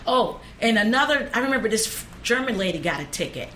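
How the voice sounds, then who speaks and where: A brash woman telling stories in a loose interview. Her voice sits high and bright and swings widely, and she often breaks into laughter. A faint hum of noise sits behind her. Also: big pitch swings, fast talker. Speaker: guest comedian telling stories. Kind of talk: casual interview storytelling.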